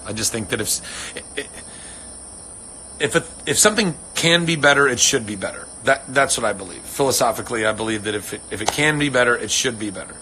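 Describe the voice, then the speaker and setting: A man hosts a casual livestream from his ranch home, wandering from thought to thought in an earnest, unfiltered way. His voice sounds bright and forward, and he swears freely. Faint crickets chirp in the background. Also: medium pitch, lively intonation, brisk, slight background noise. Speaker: livestream host answering fans.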